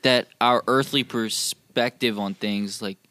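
A man's voice: fairly low pitch, steady tone, takes it slowly, bright, forceful tone, dry recording. A young man co-hosting a casual Bible discussion, easygoing and jokey as he reads passages aloud. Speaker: co-host.

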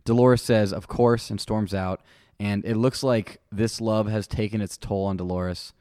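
Low-voiced man recapping a show. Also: fairly even intonation, normal speed, a little mellow, no echo, clean studio sound. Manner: jokey, rambling recaps. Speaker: podcast co-host. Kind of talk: casual chat.

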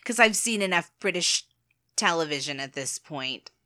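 A woman's voice: low voice, lively intonation, moderate pace, bright, forceful tone. A woman co-hosting a podcast, chatting casually, laughing often and restarting her sentences. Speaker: podcast co-host. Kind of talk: casual chat.

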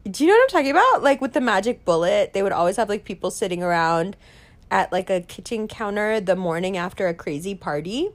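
A middle-aged woman telling a story in a casual chat, animated and swearing, saying "like" a lot. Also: mid-range voice, a little fast. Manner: animated, swearing, heavy use of "like".

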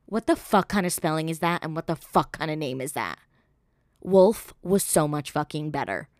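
A woman's voice: low-pitched, animated, moderate pace, no echo, clean studio sound. A young woman hosting a solo gossip podcast, rambling and sarcastic with constant swearing. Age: young adult. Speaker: podcast host.

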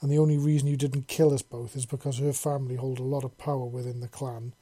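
A man's voice: mid-range voice, flat delivery, fast talker, mellow, close to an everyday voice. A man voicing a defiant young half-alien man who throws out raised, indignant questions.

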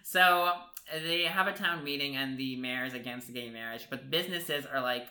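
Man, very bright voice, echoey room; lively movie-recap storyteller. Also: a little high, moderate pace. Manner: animated storyteller, laughs often, mimics characters. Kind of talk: casual movie recap chat.

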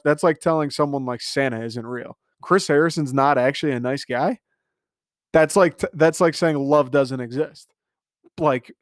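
Young male podcast host, mid-pitch, sarcastic ranting recap full of "like" and swearing, close dry mic. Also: dry recording. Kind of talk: casual solo reality TV recap.

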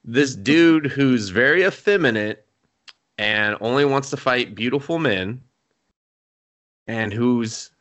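A man's voice: medium pitch, expressive, slow pace, long pauses, fairly bright tone. A young man on a podcast, recapping an anime in casual, profane chat and acting out the characters' lines. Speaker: podcast co-host.

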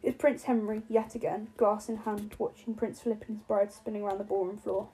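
A woman's voice: mid-range voice, level tone, fairly quick, dark tone, breathy edge, poor audio. A woman reading a novel aloud as the narrator, stumbling and restarting words now and then. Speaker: audiobook narrator.

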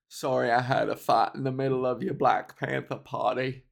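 A man doing an impression of a simple, earnest Southern man who talks in a slow, plain drawl. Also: medium pitch, flat delivery, creaky.

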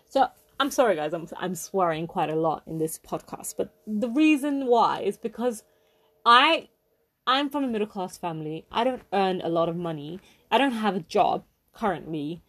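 A woman, hosting a podcast and telling a heated personal story, swearing often and repeating herself for emphasis. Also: mid-range voice. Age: 20s. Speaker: podcast host. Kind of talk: angry personal rant.

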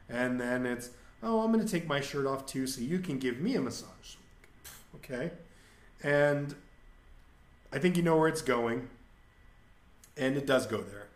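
Man telling a rambling story in an echoey room. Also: a little high. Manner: candid, rambling anecdote with crude humor and acted quotes. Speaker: podcast host. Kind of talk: casual storytelling monologue.

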